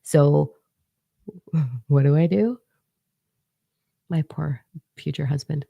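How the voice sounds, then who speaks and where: A young woman with a low voice and lots of vocal fry talks in a chatty, animated vlog. She swears casually as she tells her stories. The sound is close and dry, with no room echo. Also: takes it slowly, dull audio. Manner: chatty, profane, animated storytelling. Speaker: spiritual teacher and author.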